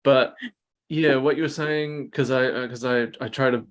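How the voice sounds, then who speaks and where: A man's voice: mid-range voice, fairly even intonation, unhurried. Hesitant man thinking aloud in a group talk. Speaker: participant. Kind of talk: casual discussion.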